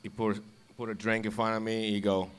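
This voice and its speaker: A man's voice: on the low side, level tone, a little fast, clean tone. A man, a former ballplayer, casually telling stories with frequent laughs and repeated words. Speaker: guest, former baseball player. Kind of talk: casual storytelling.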